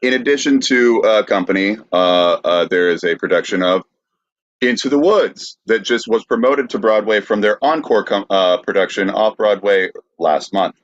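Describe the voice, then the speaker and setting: A man hosting a podcast, reading notes in a dry, measured way, stumbling over a word now and then. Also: on the low side, dry recording, muffled recording. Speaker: podcast host.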